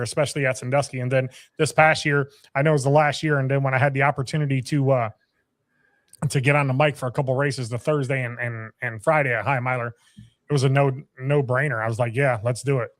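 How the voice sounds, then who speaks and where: A man's voice: mid-range voice, dry recording. Blunt, swearing man in casual talk. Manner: blunt, swears, repeats himself. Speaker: race announcer and driver. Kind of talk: casual chat.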